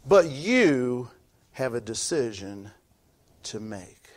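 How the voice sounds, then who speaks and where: A middle-aged man preaching in a sermon, his voice sitting notably high for a man. He builds to loud, emphatic peaks, then drops to low, quiet asides. He repeats words in rhythm and calls out to his listeners. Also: animated, moderate pace. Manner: repetitive, rhythmic preaching with call-outs to the audience. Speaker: pastor.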